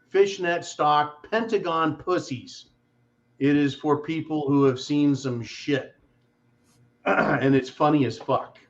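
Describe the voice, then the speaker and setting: A man hosting a casual livestream chat, joking loudly and swearing freely. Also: on the high side, muffled recording. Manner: profane, joking, boisterous. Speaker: host.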